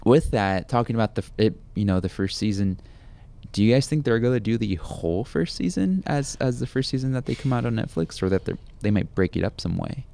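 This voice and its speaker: A man's voice: on the low side, lively intonation, a little fast, vocal fry, mellow. A man co-hosting a podcast in casual chat, rambling with many fillers and teasing his friends. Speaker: podcast co-host.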